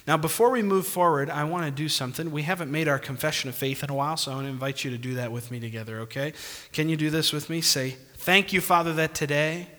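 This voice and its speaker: In a church hall with long reverb, a male pastor preaches emphatically, punctuating his points with calls of amen. His voice is a little high, quick, and fairly bright.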